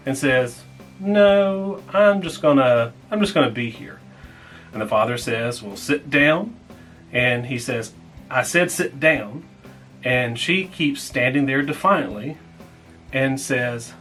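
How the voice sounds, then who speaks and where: A man serving as pastor, leading a small group Bible lesson in a plainspoken way and repeating key points slowly so people can take notes. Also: mid-range voice, a bit bright, poor audio. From United States.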